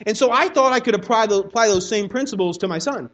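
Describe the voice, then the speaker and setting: A pastor with a notably high, somewhat bright voice preaches a sermon in a loose, conversational style. He briefly acts out quoted voices of his kids and of doubting churchgoers before slipping back into his normal preaching tone.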